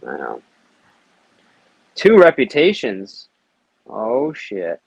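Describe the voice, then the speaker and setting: A man hosting a late-night online panel, teasing guests in casual chat and trailing off into low mumbles. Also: huge pitch swings, drawn-out words, creaky. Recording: slightly dull sound with faint noise.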